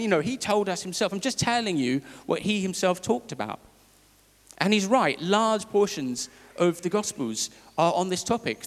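A man preaching a sermon in a conversational, halting way, with fillers and restarts. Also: on the high side. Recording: long hall reverb.

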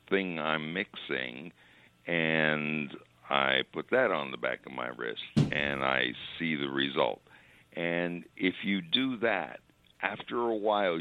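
Older guy calling in, very low gravelly voice, tinny phone line, formal and measured. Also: no room sound. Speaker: phone-in guest. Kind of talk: casual chat.

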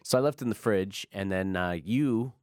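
A man's voice: lowish voice, moderate pace, a little mellow, no room sound, clean studio sound. A man co-hosting a radio podcast, telling a story in a wry, teasing way. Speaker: radio co-host. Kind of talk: casual podcast chat.

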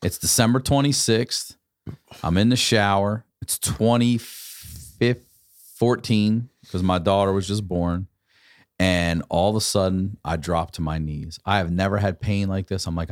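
Low-voiced man telling a wild story. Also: measured pace, no room sound, clean studio sound. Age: 40s. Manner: profane, animated storyteller. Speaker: podcast host. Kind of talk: casual storytelling chat. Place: podcast studio.

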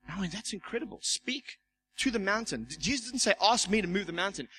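A man's voice: sits high, expressive, a little fast, sharp tone, slight background noise, poor audio. A man, a church elder, preaching a sermon and telling a personal testimony, acting out the voices in his story and repeating words as he goes. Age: young adult.

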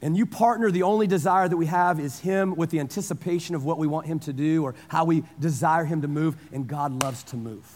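A man's voice: a little high, brisk, few pauses, darkish tone. A man in his forties preaching a sermon in a casual, storytelling way, repeating phrases for emphasis. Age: 40s. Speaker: pastor. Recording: long hall reverb.

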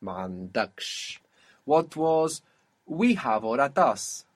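A man teaching a language lesson, patiently drilling words and saying them slowly and clearly. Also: mid-range voice, expressive.

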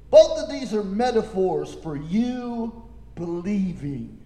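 A man preaching a sermon as pastor, swinging from shouted lines down to low, quiet ones. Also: big pitch swings, takes it slowly. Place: church sanctuary. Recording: echoey hall with long reverb.

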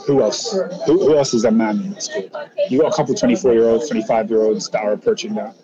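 A man's voice: fairly low pitch, steady tone, quick pace, muffled recording, crowd noise. A man talking football in casual banter, heated and emphatic, often repeating himself as he builds his point. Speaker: football podcast panelist.

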